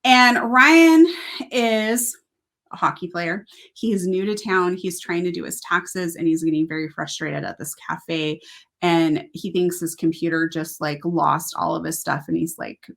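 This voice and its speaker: A woman's voice: lowish voice, a little slow, creaky, a bit bright. A woman co-hosting a book review show, casually retelling a story with lots of "like" asides. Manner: retelling a plot with "like" and "he's like" asides. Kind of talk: casual chat.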